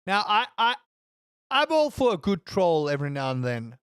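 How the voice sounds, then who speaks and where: A gaming streamer chatting casually with viewers while playing, rambling and swearing, with sudden high outbursts. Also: normal speed, clean tone, no echo, clean studio sound. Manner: animated, rambling, swears, jumps to high shouts.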